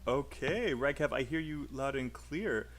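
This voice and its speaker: A man's voice: medium pitch, expressive, a little slow, fairly bright tone, a little hiss or hum. A British man teaching an online English speaking class, coaching students with encouraging feedback. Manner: encouraging, coaching, filler-heavy.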